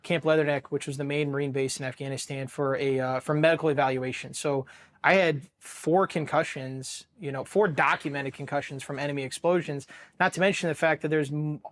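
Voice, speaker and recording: Male veteran, slightly high voice, profane and halting, interview storytelling, from Ohio. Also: fairly even intonation. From Ohio, USA. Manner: raw, profane, halting with many restarts; emotionally charged, dropping quiet at painful moments. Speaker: Marine veteran telling his war story.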